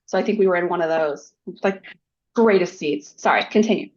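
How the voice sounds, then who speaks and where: A woman's voice: on the low side, a little fast, a little mellow, muffled recording. A woman interviewer who asks curious follow-up questions in a casual chat.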